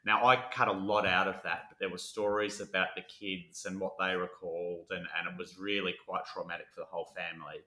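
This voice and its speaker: A man co-hosting a casual true-crime podcast, reading out the case and breaking off for jokes. His voice sits a little low and sounds bright and forceful. The room around him is echoey. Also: little pitch movement, brisk, few pauses. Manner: jokey, laughs often, quotes films. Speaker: podcast co-host.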